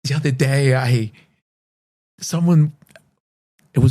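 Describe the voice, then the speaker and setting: A man hosting a casual interview, talking in a halting way with frequent restarts and "you know" fillers. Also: medium pitch, a little mellow. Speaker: host and martial arts school owner.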